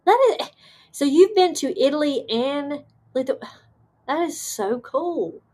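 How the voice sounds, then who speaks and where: A woman hosting a livestream, chatting casually with viewers and reading their comments aloud, rambling and excitable with bursts of laughter. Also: sits high, unhurried. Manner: chatty and rambling, trailing off often. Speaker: livestream host.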